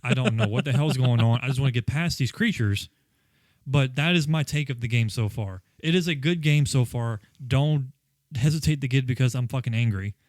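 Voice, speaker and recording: A man's voice: medium pitch, brisk, darkish tone, no room sound. A man co-hosting a casual podcast, telling a frustrated, profane story about a video game. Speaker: podcast co-host.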